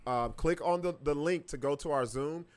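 A man co-hosting a live podcast with a somewhat high-pitched voice. He talks in loose, joking slang. He reads viewer shout-outs between bits of banter. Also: moderate pace, smooth. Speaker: podcast co-host. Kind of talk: casual livestream chat.

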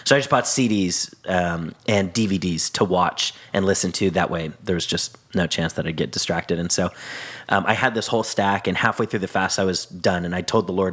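A man's voice: low voice, a little fast, fairly bright tone. A young man on a Christian podcast, earnestly telling a personal story and quoting prayers and scripture in casual chat. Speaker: podcast co-host.

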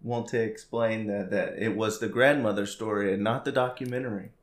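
A man's voice: on the low side, fairly even intonation, brisk. A man co-hosting a podcast in casual chat, mostly giving short reactions. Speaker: podcast co-host. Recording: roomy echo.

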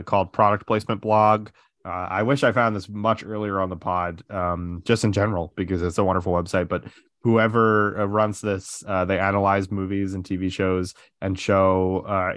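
A man's voice: fairly low pitch, dry recording, clean studio sound. A man hosting a podcast, chatting casually with lots of "like" and "uh" fillers. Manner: relaxed, filler-heavy, many "like" and "uh". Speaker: podcast host. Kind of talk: casual chat.

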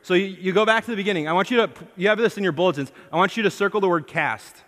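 A man's voice: high voice, racing, a bit bright. A man preaching a sermon to his congregation, emphatic, asking them questions and acting out the lines he quotes. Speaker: pastor. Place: church hall. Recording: long hall reverb.

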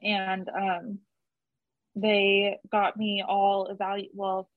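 A woman's voice: medium pitch, takes it slowly, no echo, narrow, tinny audio. Chatty young woman telling a story. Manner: chatty, animated quoting of others, laughs often. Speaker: guest telling her birth story. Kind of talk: casual storytelling in an interview.

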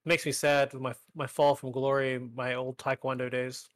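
A man co-hosting a live stream, trading jokes and poking fun at himself. His voice sits in a middle pitch, recorded close and dry with no room sound. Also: level tone, normal speed, fairly bright tone, no room sound. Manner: joking, self-deprecating banter. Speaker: podcast co-host. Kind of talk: casual chat.

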